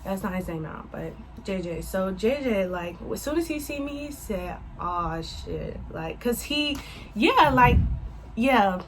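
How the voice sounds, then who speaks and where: A woman telling a casual storytime to her viewers, animated and swearing freely as she addresses them as y'all. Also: medium pitch, unhurried, background noise. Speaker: vlogger.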